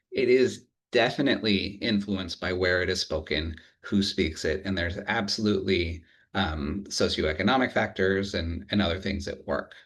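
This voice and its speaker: A man with a somewhat low voice, lecturing in a relaxed, good-humored way. He pauses often and restarts phrases as he thinks aloud. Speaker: university lecturer. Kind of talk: academic lecture.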